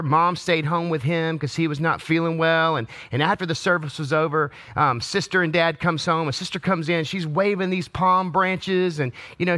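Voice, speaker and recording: A man's voice: fairly high pitch, sharp tone. A male pastor giving an online Palm Sunday sermon in a conversational, joking way with frequent restarts. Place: empty church or studio.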